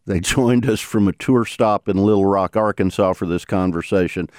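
A man's voice: low voice, moderate pace, few pauses, a little mellow, no room sound, clean studio sound. A man with a Southern US accent hosting a podcast, narrating and interviewing in an easygoing storytelling way. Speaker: podcast host.

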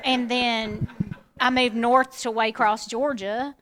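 A woman's voice: a little high, steady tone, slow pace, a crowd in the background. A woman from central Florida with a Southern US accent, chatting frankly as an interview guest. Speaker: guest singer. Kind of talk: casual interview chat.

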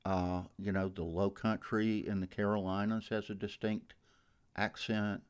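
A man's voice: lowish voice, little pitch movement, unhurried, smooth. A middle-aged man from the North Georgia mountains with a Southern Appalachian accent, chatting as a radio guest and rambling with many restarts. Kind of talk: casual interview.

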